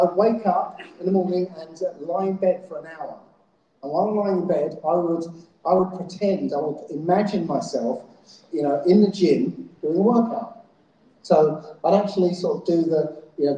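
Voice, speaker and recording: A man's voice: on the high side, dark tone. A man giving a talk at a festival, often checking in with the crowd with "yeah?" and "right?". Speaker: conference speaker. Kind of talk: live talk to an audience. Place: festival hall. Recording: very echoey hall.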